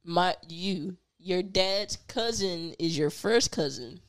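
A woman's voice: lowish voice, takes it slowly. A woman in casual chat as a co-host. She sounds congested, talks in an easygoing way and laughs often.

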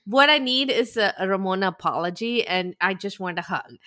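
A woman's voice: mid-range voice, lively intonation, fairly quick, sharp tone. A young woman co-hosting a podcast in casual chat, confessional and sliding into quoted voices. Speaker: podcast co-host.

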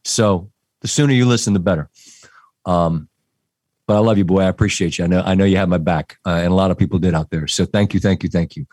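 Middle-aged male sports host, slightly low voice, earnest and direct, dry studio sound. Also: quick pace, a little mellow, dry recording. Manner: earnest, direct, preachy in asides. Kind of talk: casual sports talk.

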